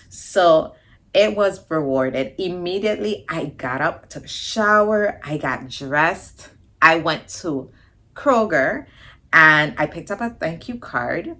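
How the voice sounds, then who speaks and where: Brief: young woman vlogger, low unhurried voice, animated storyteller. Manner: animated storytelling, acts out quoted dialogue. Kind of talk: casual storytime.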